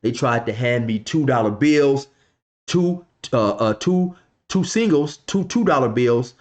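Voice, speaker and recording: A man's voice: medium pitch, animated, unhurried, a little mellow. A man casually telling a story from his past in loose slang, filling it with "you know" and "man.". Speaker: vlogger telling a street story.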